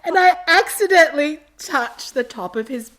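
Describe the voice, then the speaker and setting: A woman guest on a podcast, telling a story in a casual, animated way and acting out the quotes. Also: sits high, moderate pace.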